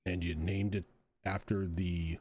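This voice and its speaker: A man voicing a courteous male minotaur shopkeeper in a tabletop game, speaking in a measured, formal way. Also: low-pitched, level tone, darkish tone, slightly rough, no room sound. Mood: polite.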